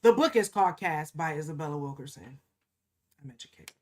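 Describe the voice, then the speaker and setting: A woman's voice: low voice, lively intonation, brisk, darkish tone. A woman co-hosting a podcast in casual, emphatic conversation, often punctuating her points with "okay?" and slipping into mocking quoted asides. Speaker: podcast co-host.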